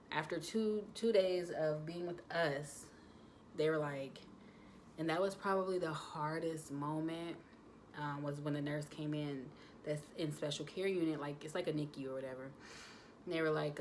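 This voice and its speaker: A young adult woman, chatting casually to her viewers, animated with lots of fillers. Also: deep voice, normal speed, a little hiss or hum. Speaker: vlogger, new mother.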